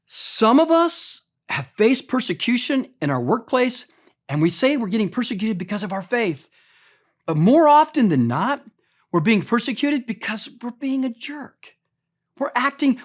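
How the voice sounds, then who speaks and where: A man preaching a conversational sermon as pastor, speaking straight to his congregation and often repeating words as he talks. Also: very high voice.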